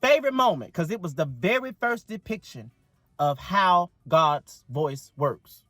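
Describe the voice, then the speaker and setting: A man reviewing a movie in a lively, dramatic storytelling way. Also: sits high, a little slow, no room sound, studio quality. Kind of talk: casual video review.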